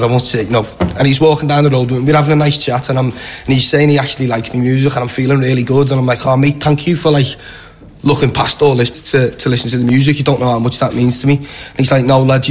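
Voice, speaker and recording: Scouse man telling a rambling story. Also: mid-range voice. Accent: Liverpool. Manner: rambling, animated anecdote with quoted voices. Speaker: guest. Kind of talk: casual storytelling.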